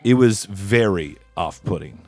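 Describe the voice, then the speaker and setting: A man's voice: on the low side, animated, unhurried, darkish tone, soft background music. A man co-hosting a podcast, arguing hard about a movie in casual, profane rants. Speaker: podcast co-host. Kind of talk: casual heated movie debate.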